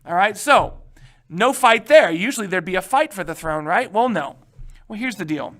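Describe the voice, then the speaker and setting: A male history teacher giving a casual, animated lecture, joking and checking in with his students. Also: sits high, moderate pace. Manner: animated, joking, keeps asking "right?".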